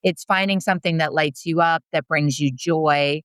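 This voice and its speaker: A woman co-hosts a podcast interview, heartfelt and openly moved. Her voice is smooth and clear, sitting a little low, in a dry recording. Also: normal speed, a bit bright, no room sound. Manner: heartfelt, emotional. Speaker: podcast co-host.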